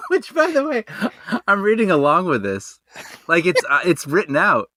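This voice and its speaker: A man's voice: high voice, wildly swooping pitch, unhurried, pushed and bright, no echo, clean studio sound. A man co-hosting a podcast, chatting casually in a loose, rambling way and laughing easily. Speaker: podcast co-host. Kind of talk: casual chat.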